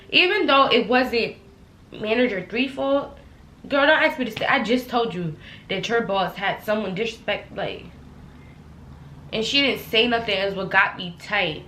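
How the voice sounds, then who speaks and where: Animated young woman in echoey room. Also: on the high side, normal speed, a little hiss or hum. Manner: animated, heated retelling with loud acted-out quotes. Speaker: vlogger telling a story. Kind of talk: casual storytime vlog. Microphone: laptop camera.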